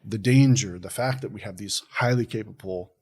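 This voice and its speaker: A man hosting a podcast, talking in a relaxed, easygoing way with plenty of fillers. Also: on the low side, normal speed, slightly rough. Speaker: podcast host. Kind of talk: casual conversation.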